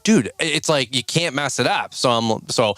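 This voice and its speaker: A man's voice: medium pitch, normal speed, no room sound. A man hosting a podcast with his wife, telling stories in casual chat and acting out what others said. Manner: animated storyteller, acts out quotes. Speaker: podcast host, lawn business owner.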